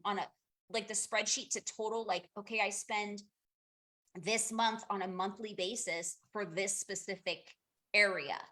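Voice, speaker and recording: Woman in her thirties, team leader on a group call: chatty, candid, restarts often, bright forward tone. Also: mid-range voice. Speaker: direct sales team leader. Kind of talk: casual group coaching call.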